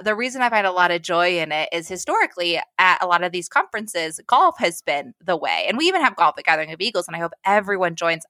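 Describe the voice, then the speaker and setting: A woman's voice: lowish voice, bright, forceful tone, no echo, clean studio sound. A woman talking as a guest on a podcast, upbeat and chatty, with frequent filler sounds. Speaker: events director, podcast guest. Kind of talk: casual podcast conversation.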